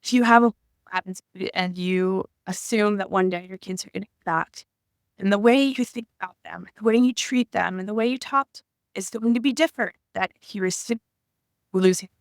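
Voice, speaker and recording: Woman in her thirties, halting emotional vlog talk, dry close sound. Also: medium pitch, dry recording. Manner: halting, emotional, searching for words. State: tearful at times. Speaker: vlogger. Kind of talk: personal reflective talk to camera.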